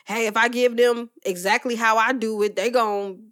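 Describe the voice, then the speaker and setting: A woman with a slightly high voice talks in a loose, laid-back way, passing on advice in easy conversation. She sounds like a co-host chatting with a partner. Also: moderate pace, smooth. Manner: relaxed, loose, advice-giving. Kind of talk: casual chat.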